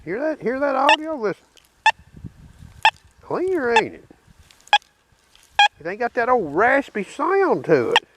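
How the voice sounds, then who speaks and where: A Southern host of a metal detecting channel shows off his detector in a field at a dig site, speaking casually in a folksy way, calling viewers "boys" and repeatedly asking "okay." His high voice has big pitch swings, a slightly slow pace, and long pauses. Loud outdoor noise and detector tones fill the background.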